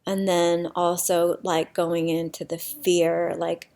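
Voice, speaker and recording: A woman talking through a personal healing practice in an unhurried, reflective monologue, pausing often with soft fillers. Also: on the low side, level tone.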